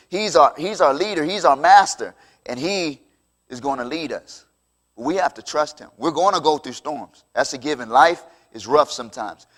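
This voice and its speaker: A man preaches a conversational sermon, acting out the biblical dialogue in the story. His voice is fairly high and a bit bright.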